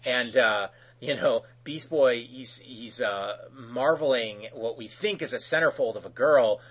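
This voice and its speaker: A man's voice: mid-range voice, unhurried, fairly bright tone, breathy edge. A man casually recapping a cartoon episode as podcast host, rambling with many fillers.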